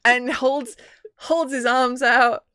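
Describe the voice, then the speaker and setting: A woman's voice: high-pitched, smooth, no room sound, clean studio sound. A woman game master casually recapping a session, animatedly acting out the characters. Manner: animated, acts out characters in quick voices.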